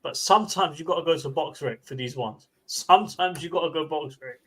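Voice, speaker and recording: A man co-hosting a casual boxing chat show, animated, ranting and repeating himself. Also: a little high, brisk, husky. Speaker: co-host.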